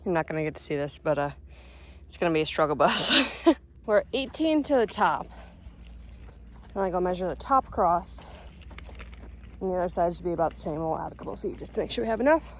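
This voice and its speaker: A young woman in her twenties vlogs her farm day in a chatty, upbeat way, tossing in self-mocking asides. She records outdoors into a handheld camera. Engine rumble and outdoor noise sit clearly behind her. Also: animated, brisk, pauses often, poor audio. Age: 20s. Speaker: farmer and vlogger. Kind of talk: casual vlog narration.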